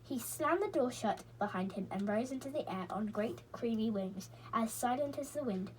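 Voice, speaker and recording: A woman reads a children's book aloud, gentle and expressive, now and then slipping and starting a word again. Her voice sits a bit high and moves with lively rises and falls. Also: moderate pace, slight background noise, rough recording. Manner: gentle and expressive, with small slips and restarts. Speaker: reader.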